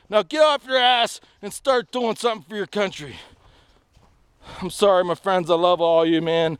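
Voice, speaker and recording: A middle-aged man with a high voice rants to a handheld camera outdoors on a park trail. He rambles and repeats himself, his anger rising into shouts. The sound is dry and close, with little echo. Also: expressive, fairly quick, clear, resonant tone. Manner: ranting, shouting, rambling and repetitive. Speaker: vlogger. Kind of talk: angry political rant to camera.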